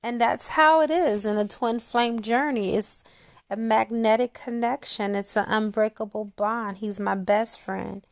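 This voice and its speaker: Slow gravelly-voiced woman talking to viewers. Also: on the high side, dry recording, studio quality. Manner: intimate, storytelling, acts out quotes. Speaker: spiritual channel host. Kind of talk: casual monologue to viewers.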